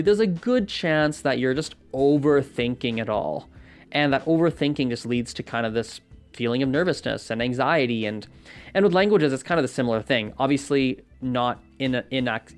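A man talks through advice in a relaxed, unscripted way, circling back and correcting himself as he goes. His pitch sits in an ordinary middle range. Faint music plays under him. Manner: rambling, with many fillers and self-corrections; conversational, often asks "right?". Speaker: language-learning vlogger. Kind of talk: casual advice monologue.

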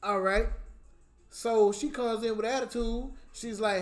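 A man co-hosting a casual podcast, telling a work story in an animated, heated way with frequent laughter. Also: very high voice, a little slow. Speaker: podcast co-host.

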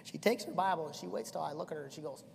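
A middle-aged man preaching a sermon as pastor, swinging from shouting to quiet storytelling. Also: on the high side, very fast, gravelly, very noisy. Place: church hall. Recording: echoey church hall.

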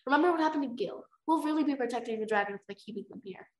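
A woman reading the lines of a cunning, scheming female dragon in a smooth, cold way. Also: high-pitched, racing, slight background noise, natural voice. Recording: roomy echo.

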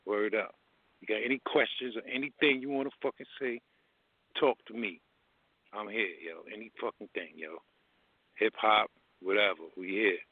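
New male radio host, slangy and profane, low voice, phone-thin sound. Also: normal speed, long pauses, no room sound, phone-quality sound. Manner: loose, profane street slang. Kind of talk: casual radio talk.

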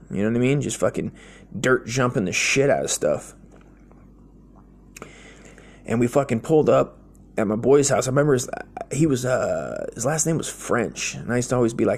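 A man's voice: medium pitch, expressive, a little fast, gravelly, a little mellow. An American man giving a rambling, profane comedic monologue, blunt and crude, peppering his talk with slang like "dude". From United States.

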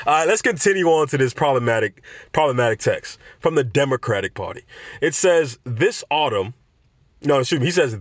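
Animated young man, dry close recording. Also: mid-range voice, fairly quick, no echo. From Florida. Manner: animated storyteller, laughs often, repeats himself. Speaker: vlogger. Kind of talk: casual commentary.

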